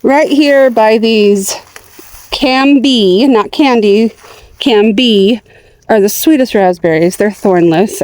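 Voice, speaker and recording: A woman's voice: medium pitch, a little mellow, no echo. A middle-aged woman chatting casually as she walks through her garden, talking to her dogs and plants, her voice going in and out. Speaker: gardening vlogger. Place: outdoors in a backyard garden.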